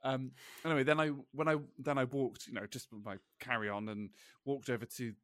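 A British man hosts a relaxed podcast conversation. He rambles through anecdotes with stumbles, restarts and laughter, at a middling pitch. The sound is dry and close. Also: brisk, no echo. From Britain. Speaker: podcast host. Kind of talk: casual podcast chat.

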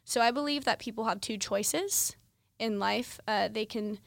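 A woman's voice: on the high side, unhurried, creaky, no echo, studio quality. A young woman in her twenties hosting a podcast, telling a personal story in a candid, conversational way with lots of fillers. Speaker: podcast host.

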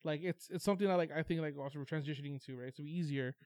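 A man's voice: fairly high pitch, racing, a little mellow, smooth. A young man co-hosting a podcast, rambling in casual slang-heavy chat. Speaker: podcast co-host.

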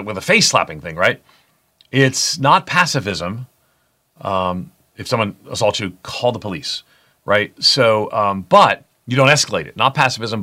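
A man's voice: lowish voice, bright, forceful tone. A middle-aged man preaching a conversational sermon as a pastor, often checking in with the congregation by asking "right?". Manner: conversational, frequent "right?" tag questions.

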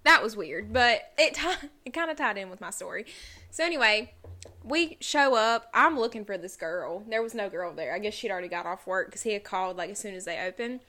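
A young woman with a drawl co-hosts a casual podcast. Her voice is bright and a little tense, and she strings her stories together with "like" and "and then". The chat sounds loose and conversational. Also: mid-range voice, expressive, a little fast. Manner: rambling storyteller, heavy use of "like". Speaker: podcast co-host.

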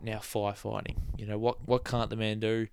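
A man's voice: fairly low pitch, little pitch movement, moderate pace, creaky, a little mellow, clean tone. A man hosting a casual solo podcast, rambling and chatty, with sarcastic asides and laughs at his own jokes. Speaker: podcast host.

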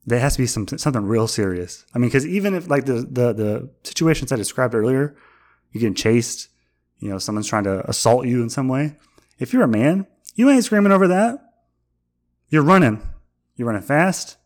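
A man's voice: medium pitch, lively intonation, normal speed. A young man, a millennial, ranting in a rambling, sarcastic, mock-indignant way about everyday pet peeves. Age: young adult. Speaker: vlogger. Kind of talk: casual comedic rant.

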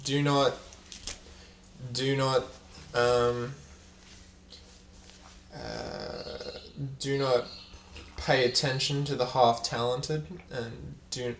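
A man co-hosting a podcast in casual chat, rambling and joking, with a loud fake laugh. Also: mid-range voice, expressive, extremely slow, long pauses, roomy sound, slight background noise. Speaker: podcast co-host.

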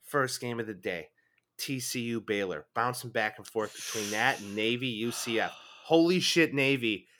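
A man's voice: medium pitch, moderate pace, sharp tone. A young man with a chest cold, co-hosting a casual sports podcast, talking emphatically and swearing freely. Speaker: podcast co-host.

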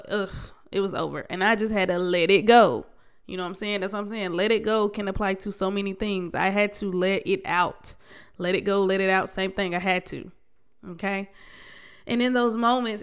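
A young adult woman hosts a solo podcast, talking candidly and slangily with frequent restarts while sounding congested. Her medium-pitched voice is creaky yet clear and resonant.

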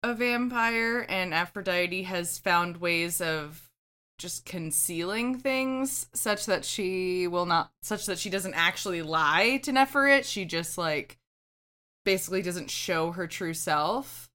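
A woman's voice: lowish voice, animated, slow pace, bright, forceful tone, clear, resonant tone. A woman co-hosting a podcast, chatting about a book in an easygoing, thoughtful way. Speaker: podcast co-host. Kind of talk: casual book-critique chat.

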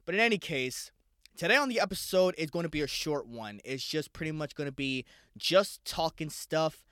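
A man's voice: fairly high pitch, animated, moderate pace, a bit bright, clear, resonant tone, no echo, clean studio sound. A man hosting a casual solo podcast, rambling loosely and swearing freely. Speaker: podcast host.

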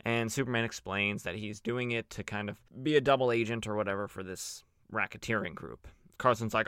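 A young man recaps old comic stories for his podcast in a loose, chatty way, full of fillers and quick asides. His voice is bright and crisp, recorded close in a dry room. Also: lowish voice, fairly even intonation, no echo. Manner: loose and chatty, many fillers, playful voices for quoted characters. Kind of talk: casual comic recap with acted quotes.

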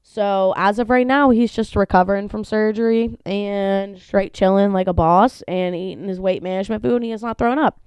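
A woman's voice: mid-range voice, moderate pace, hardly any pauses, smooth, no echo. A young woman hosting a casual solo podcast, telling a story animatedly and acting out the people in it, with some swearing. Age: young adult. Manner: animated, swearing, acts out quoted voices. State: sneezy from allergies. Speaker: podcast host. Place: at home.

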